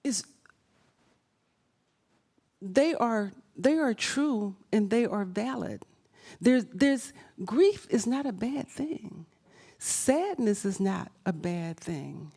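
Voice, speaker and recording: A woman's voice: medium pitch, very animated, slow pace, pauses often, mellow, husky. A woman leading a live writing workshop, talking emphatically and often repeating and restarting her phrases. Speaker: workshop leader. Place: event room.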